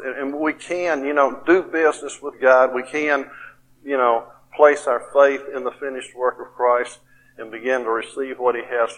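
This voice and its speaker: A man's voice: medium pitch, fairly bright tone. A middle-aged man preaching at a conference, telling a personal story in a folksy way and often saying "you know". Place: conference hall. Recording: long hall reverb.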